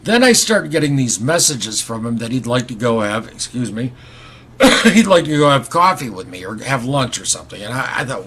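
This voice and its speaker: A man's voice: medium pitch, animated, normal speed, fairly bright tone, breathy edge. A middle-aged man vlogging, telling a long story in a rambling, wry, conversational way and acting out the quoted dialogue. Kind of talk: casual storytelling to camera.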